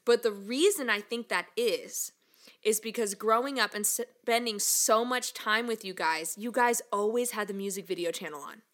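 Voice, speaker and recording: Animated young woman telling family stories. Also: mid-range voice, normal speed. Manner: animated, laughing storyteller, lots of fillers. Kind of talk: casual storytelling chat.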